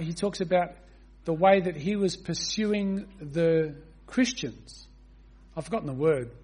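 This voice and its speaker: A man delivers an expository sermon with earnest conviction. His voice sits high and carries a husky edge. He reads scripture at length and keeps turning to the congregation with rhetorical questions. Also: a little mellow. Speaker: preacher.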